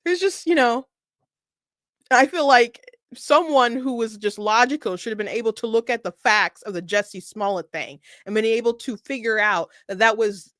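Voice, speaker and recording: A woman's voice: a little high, normal speed, a bit bright, no echo. Opinionated woman commentator, dry close sound. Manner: opinionated, frequent laughs and restarts. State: slight hiccups. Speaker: political commentary host. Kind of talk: casual political commentary monologue.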